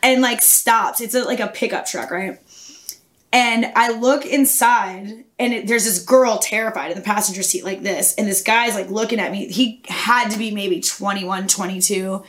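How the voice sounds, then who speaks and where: A young woman co-hosting a podcast, telling a story in a casual, profane and animated way. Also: medium pitch, normal speed. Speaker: podcast co-host. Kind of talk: casual chat.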